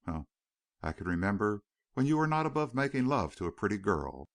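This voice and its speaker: A man reading a sharp-tongued young Eastern woman. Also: fairly low pitch, big pitch swings, brisk, vocal fry, no room sound, clean studio sound.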